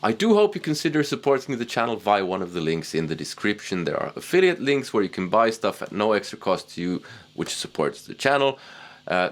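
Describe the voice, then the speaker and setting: A man teaching guitar technique in a casual, relaxed way, poking fun at himself. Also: sits low. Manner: relaxed, self-deprecating, chuckles at himself. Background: guitar playing.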